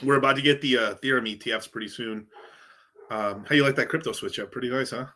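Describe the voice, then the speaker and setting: A man's voice: mid-range voice, fast talker, sharp tone. A man from the United States, a crypto livestreamer, ranting casually with lots of swearing, rambling and frequent laughter. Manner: profane, rambling, laughs often.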